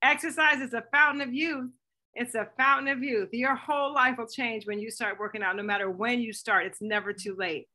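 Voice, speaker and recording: Energetic woman coach; high, bright voice on a live call. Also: a little fast. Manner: energetic, animated, chatty. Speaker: fitness coach.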